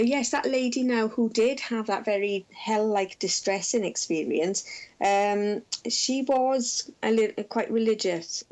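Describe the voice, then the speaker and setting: A woman in middle age talks through case stories from her research in an interview. Her delivery is measured and gentle, with small fillers as she gathers her thoughts. Her voice sits at an ordinary middle pitch. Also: poor audio. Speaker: researcher and former intensive care nurse.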